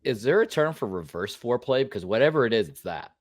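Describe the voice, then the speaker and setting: A man's voice: mid-range voice, very animated, fast talker, no room sound, clean studio sound. A man co-hosting a chat show, reacting in a wry, exasperated way. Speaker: co-host. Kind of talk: casual chat.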